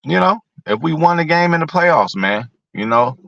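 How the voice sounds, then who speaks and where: A man's voice: on the high side, expressive, moderate pace, gravelly, fairly bright tone, no echo, lo-fi sound. A man hosting a casual sports talk show, rambling and profane, talking to his viewers by name. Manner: talks to chat viewers by name.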